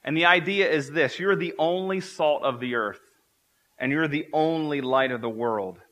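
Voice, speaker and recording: Male pastor, thirties, preaching, bright voice, slightly high pitch, earnest repetition. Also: moderate pace. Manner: earnest, repeats key phrases for emphasis. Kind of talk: sermon.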